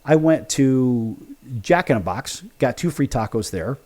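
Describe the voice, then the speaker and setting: Animated male talk-show host. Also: mid-range voice, measured pace. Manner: animated, acts out both sides of conversations. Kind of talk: casual storytelling monologue.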